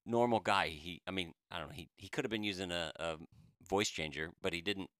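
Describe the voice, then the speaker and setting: A man co-hosting a podcast, telling a story in a casual, animated and self-deprecating way. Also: deep voice, fairly quick, no room sound, clean studio sound. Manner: animated, self-deprecating, quotes others in raised voice. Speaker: podcast co-host.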